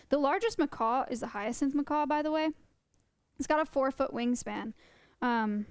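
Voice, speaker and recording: Chatty young woman with a smooth voice. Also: high-pitched, dry recording. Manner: chatty, rambling, laughs often. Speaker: streamer. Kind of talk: casual live-stream chat. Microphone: close desk mic.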